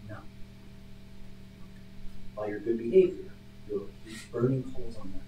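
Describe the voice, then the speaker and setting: A man leading a church Bible study, talking in a loose, conversational way and leaning hard on key words as he tells a story. He sounds some distance from the mic in an echoey room, with a faint hum underneath. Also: medium pitch. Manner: conversational, storytelling, animated emphasis. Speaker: pastor.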